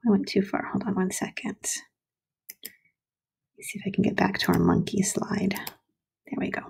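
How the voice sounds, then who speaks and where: Woman teacher, patient and slow for young children; warm, slightly gravelly voice. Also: medium pitch, flat delivery. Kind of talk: recorded early-grade writing lesson.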